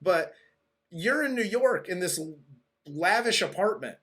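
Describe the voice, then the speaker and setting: A man's voice: high voice, expressive, measured pace, fairly bright tone. A man co-hosting a casual movie review, recapping the plot in a loose, rambling way with restarts. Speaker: podcast co-host.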